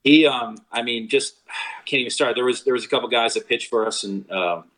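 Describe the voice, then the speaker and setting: A man's voice: fairly quick, low-quality recording. A young man, a former college baseball catcher, telling stories in a casual chat and acting out the quotes with big jumps in his voice. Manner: animated storyteller, acts out quotes with big pitch jumps.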